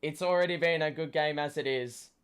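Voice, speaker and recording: A young man, hoarse from shouting, gives a live fan commentary of a football match, swearing and yelling at the play. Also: a little high, brisk. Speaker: watchalong host.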